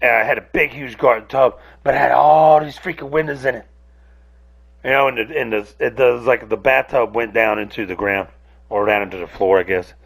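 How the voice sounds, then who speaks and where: A man's voice: medium pitch, fairly even intonation, fairly quick, gravelly, a bit bright. A man hosting a casual solo rant podcast, rambling and cursing freely, often breaking off mid-sentence. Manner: rambling, profane, self-interrupting. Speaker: podcast host.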